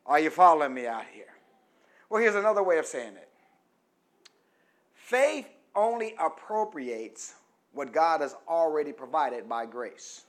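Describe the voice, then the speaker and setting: A middle-aged man preaches a sermon in a slightly high voice with lively intonation, keeping a measured pace and leaving long pauses. He prompts the congregation to finish his phrases, swinging between quiet teaching and loud, emphatic preaching.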